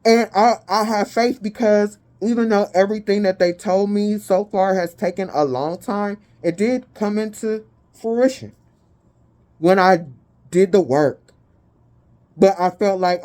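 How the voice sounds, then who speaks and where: A woman gives a spiritual tarot reading with a warm, mellow tone. She talks in a blunt, emphatic way and swears freely. She reads out lists of keywords slowly and deliberately. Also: medium pitch, steady tone. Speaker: tarot reader.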